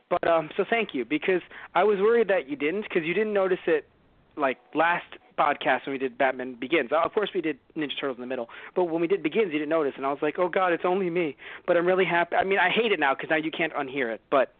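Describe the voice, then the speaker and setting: A man co-hosting a casual movie review podcast, rambling and joking, slipping into quick impressions. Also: on the high side, no echo. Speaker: podcast co-host. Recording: phone-like lo-fi dry sound.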